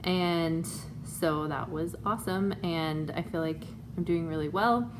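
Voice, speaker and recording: A woman's voice: lowish voice, unhurried, noisy background. A woman in her twenties talking in a chatty, self-conscious way, with lots of fillers, for a home video update. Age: 20s. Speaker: vlogger. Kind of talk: casual chat. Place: home room.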